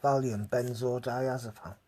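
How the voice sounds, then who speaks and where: A man speaks at a measured pace in a steady, mellow voice of medium pitch. On his live stream he casually spins rambling tales for the chat, with frequent laughter and liberal swearing.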